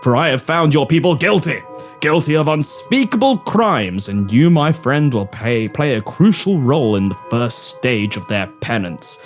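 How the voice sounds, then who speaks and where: A man voicing an old, solemn Santa in a comedy audio drama who declaims each line with sweeping rises and plunging drops. His pitch sits mid-range while his tone stays pompous and theatrical. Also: big pitch swings, moderate pace, soft background music, natural voice. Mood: ominous.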